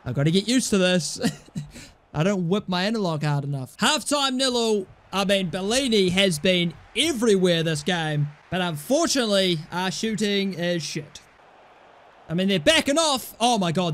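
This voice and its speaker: A young man commentating his own football video game play, swinging from low mumbled asides to loud, shouted goal calls. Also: lively intonation, normal speed. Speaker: gaming YouTuber. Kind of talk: excitable gameplay commentary.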